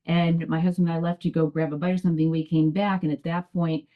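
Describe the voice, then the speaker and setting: A woman's voice: low voice, level tone, fast talker. A woman addressing a town commission as a resident, telling her story in a hesitant, rambling way with many restarts. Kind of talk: public testimony at a town meeting. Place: town meeting room. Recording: dull lo-fi public access broadcast.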